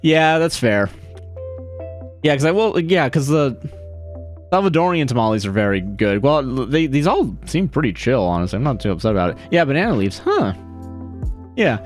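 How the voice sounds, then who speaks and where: A man's voice: mid-range voice, big pitch swings, moderate pace, long pauses, faint music behind. A man chatting casually on a live stream, rambling and correcting himself, often apologizing and laughing.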